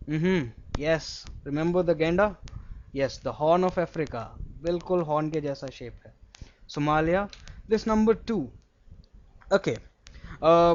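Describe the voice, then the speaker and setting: A young man with an Indian English accent teaching geography to a class in a classroom. He asks playful questions and mixes Hindi with English. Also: a little high. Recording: dull lo-fi classroom recording.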